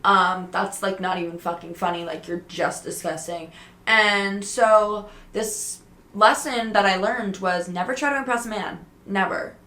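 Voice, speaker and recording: A woman's voice: mid-range voice, a little slow, bright, forceful tone, roomy sound. A young woman telling a story in a casual, chatty way, swearing often and filling her talk with "like". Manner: chatty, swears a lot, many "like" fillers. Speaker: podcast host.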